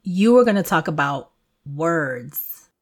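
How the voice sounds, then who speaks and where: A woman's voice: sits low, lively intonation, takes it slowly. A middle-aged woman from the Dominican Republic co-hosting a podcast in casual chat, enthusiastic and repeating phrases for emphasis. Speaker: podcast co-host.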